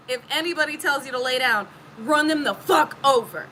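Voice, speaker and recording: A woman's voice: high voice, normal speed, hardly any pauses, sharp tone, a little hiss or hum, poor audio. A woman giving a casual spiritual reading to her viewers, emphatic and preachy, swearing freely. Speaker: spiritual reader.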